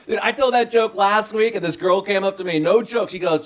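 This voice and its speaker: A man in his thirties doing a stand-up set at a small restaurant comedy night, talking into a handheld mic. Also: fairly quick. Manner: lively, jumps into high voices for quoted people.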